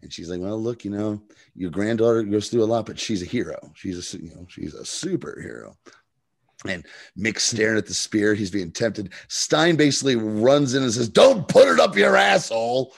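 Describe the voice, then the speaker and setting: Podcast co-host, male, gravelly mid-pitched voice, animated storyteller who slips into quick impressions. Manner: animated retelling with quoted voices and laughs. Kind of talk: casual recap chat.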